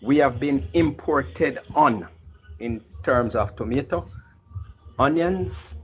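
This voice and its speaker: A man's voice: mid-range voice, animated, takes it slowly, rough recording. Jamaican man, firm, lists his points one by one in a political argument. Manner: firm, lists places and facts, talks over interruptions. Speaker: political commentator. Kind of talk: heated political debate.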